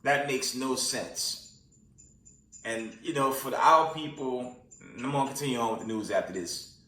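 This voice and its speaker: A tired man talks through the week's news in a loose, rambling way. He stops often for fillers and restarts, and his voice sits at an ordinary middle pitch. The sound is roomy, and he is set back from the mic. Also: moderate pace, a bit bright, distant mic. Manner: rambling, many fillers and restarts, calls listeners "family" and "man". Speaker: host of a news commentary channel. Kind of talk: casual news commentary with prophecy talk.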